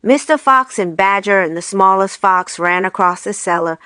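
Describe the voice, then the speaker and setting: A woman reading a children's book aloud with steady, clear storytelling. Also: medium pitch, moderate pace, dry recording. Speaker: reader.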